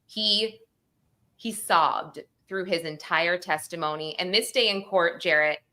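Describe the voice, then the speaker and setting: Woman host, crying while she talks, bright tense tone, animated courtroom retelling. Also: on the low side, a little slow. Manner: tearful, animated, acts out courtroom quotes. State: crying, sniffly. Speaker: true crime show host. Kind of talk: emotional livestream case recap.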